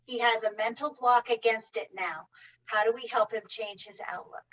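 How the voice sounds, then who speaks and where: A woman moderates an online talk, politely relaying questions from the audience. Her voice is bright and a little high. She sounds somewhat distant from the mic. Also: steady tone, moderate pace, lo-fi sound.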